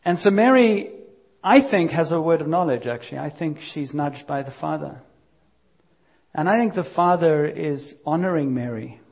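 A man's voice: on the high side, expressive, normal speed, creaky, slightly rough, highs cut off. A man preaching a sermon, telling a Bible story in a conversational way and acting out the quotes.

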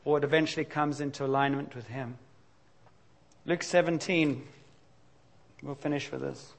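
A man's voice: mid-range voice, fairly even intonation, normal speed, vocal fry. A middle-aged man preaching a sermon in a candid, confessional, conversational way, with sudden emphatic bursts. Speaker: pastor.

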